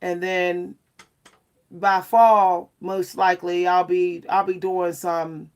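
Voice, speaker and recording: A woman's voice: lowish voice, flat delivery, slow pace, a little hiss or hum. A woman talking casually to her livestream viewers. She is chatty and addresses them with "y'all" again and again. She laughs often as she talks. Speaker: vlogger and French horn player.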